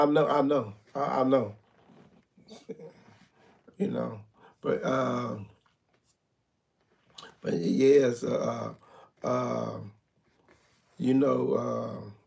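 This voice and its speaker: Halting, gravelly older man. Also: mid-range voice, steady tone, a little mellow, far from the mic. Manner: halting, repeats words, preachy. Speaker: co-host uncle. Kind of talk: casual chat.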